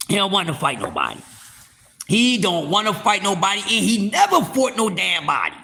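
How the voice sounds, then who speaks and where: A man's voice: high-pitched, huge pitch swings, moderate pace, vocal fry, sharp tone, soft background music. A man hosting a live stream, ranting heatedly about boxing to his viewers, profane and repeating words for emphasis. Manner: speaks straight to the viewers as y'all. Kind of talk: casual boxing rant to a live audience.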